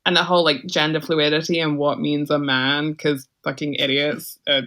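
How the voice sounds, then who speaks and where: A woman's voice: sits low, level tone, moderate pace, a bit bright. A woman guesting on a podcast, chatting casually with lots of "like" fillers.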